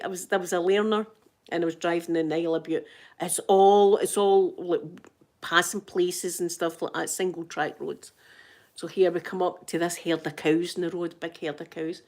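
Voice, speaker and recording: A middle-aged Scottish woman telling rambling, dramatic anecdotes in casual chat as a channel host. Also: mid-range voice. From Scotland.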